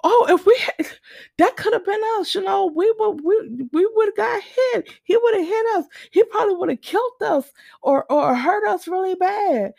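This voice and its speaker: A woman voicing a frightened adult woman passenger, with high, frantic exclamations. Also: animated, normal speed, creaky, darkish tone, no echo, studio quality, full character voice. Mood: panicked.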